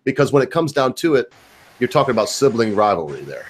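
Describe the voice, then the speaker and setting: A man's voice: mid-range voice, very animated, fast talker, a little hiss or hum. An American man hosting a live stream, chatting casually with a guest. He rambles, swears freely and jokes as he goes. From United States. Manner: rambling, profane, jokey banter.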